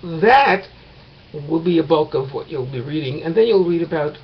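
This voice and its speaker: A man's voice: a little high, animated, normal speed, muffled recording. A man teaching a course in a casual recorded lecture, talking late at night at home and rambling with many fillers and restarts.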